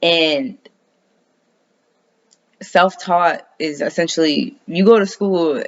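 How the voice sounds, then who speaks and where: Speaking slowly in a low voice, a woman who vlogs about astrology rambles through a casual personal chat about her dreams and star signs, cursing freely along the way. The audio is dull.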